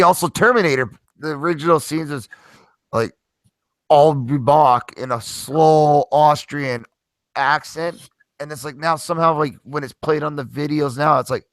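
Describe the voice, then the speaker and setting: A man hosting a casual podcast, talking in an excitable, rambling way and swearing a lot. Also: on the high side, moderate pace, no echo. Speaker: podcast host.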